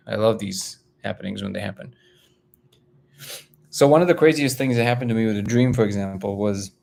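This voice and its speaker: A man from Russia hosting a casual live stream, reading viewer comments aloud and telling a story with lively, high-pitched quotes of other people. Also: vocal fry. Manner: animated storyteller, jumps up in pitch when quoting others. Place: home, living in LA.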